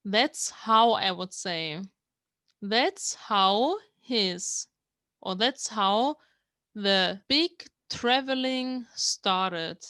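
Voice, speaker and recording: Slow-spoken woman. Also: medium pitch, bright, forceful tone, clean tone, no room sound. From Germany. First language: German. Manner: patient, explains words one by one, reads lines aloud. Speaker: language learner teaching viewers. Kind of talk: explanatory language lesson.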